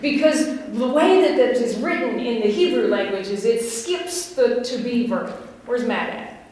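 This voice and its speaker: A West Virginian woman preaches to her congregation in a chatty, questioning way, with a fairly high voice. She is recorded from a distance in a church sanctuary, and the long reverb of the hall hangs on every phrase. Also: measured pace, darkish tone. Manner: conversational, laughs and asks the congregation questions. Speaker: pastor. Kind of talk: sermon.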